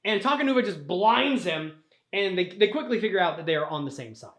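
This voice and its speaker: A young man tells a rambling comic story in a casual, profane way, with slightly high pitch. His voice carries a noticeable room echo around it. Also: expressive, fairly quick. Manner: profane, rambling, laughing at own slips. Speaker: host retelling a story.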